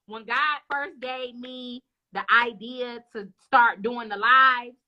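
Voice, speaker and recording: Animated, bright-voiced woman hosting a live show. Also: on the high side, slow pace, highs cut off. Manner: animated, encouraging, lots of quoted asides. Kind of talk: casual live-stream chat. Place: at home.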